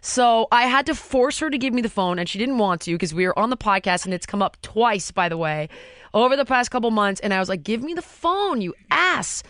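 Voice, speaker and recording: A woman's voice: medium pitch, lively intonation, fairly quick, clean tone, dry recording, clean studio sound. A middle-aged woman hosting a podcast, talking candidly and bluntly in casual chat, cursing freely. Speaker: podcast host.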